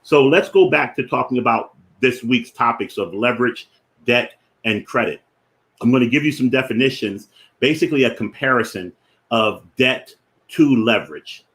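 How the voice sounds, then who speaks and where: A man with a strong Philadelphia accent talks through money basics in a mid-range voice. He lays out his points deliberately and slows down to repeat key definitions for emphasis. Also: medium pitch, fairly bright tone. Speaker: finance show host. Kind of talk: explanatory finance talk.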